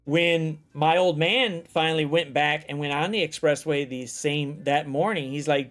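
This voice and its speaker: A man with a fairly high voice tells a long personal story in a loose, rambling chat, swearing freely and acting out what everyone said. Soft music plays faintly behind him. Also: steady tone, moderate pace, few pauses. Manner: profane, rambling storytelling full of acted-out quotes. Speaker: guest telling a personal story. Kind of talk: casual chat.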